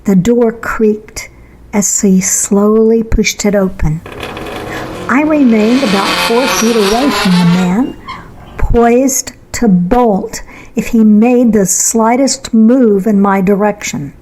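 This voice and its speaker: A woman reads her own story aloud, building suspense with measured pauses. Her delivery is slow and unhurried. Her tone stays mellow and warm throughout. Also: on the high side, slight background noise, rough recording. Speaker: author and narrator. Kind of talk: storytelling narration.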